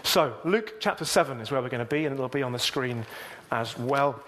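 Man preaching a measured sermon. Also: mid-range voice, fairly bright tone. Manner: measured, reads scripture aloud then explains it. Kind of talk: sermon with scripture reading.

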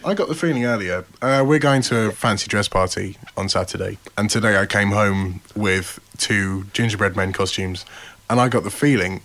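Playful man, low voice. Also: moderate pace, noisy background. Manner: playful, rambling storyteller. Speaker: podcast host. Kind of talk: casual comedic chat.

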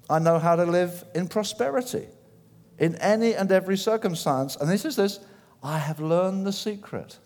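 A man preaching a sermon, acting out quoted voices and moving between loud appeals and hushed asides. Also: fairly high pitch, in a large hall.

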